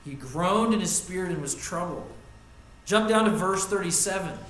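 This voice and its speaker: A middle-aged male pastor preaching a sermon, earnest, rising loud on lists and dropping soft for personal stories. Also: sits high, animated, moderate pace. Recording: echoey church room.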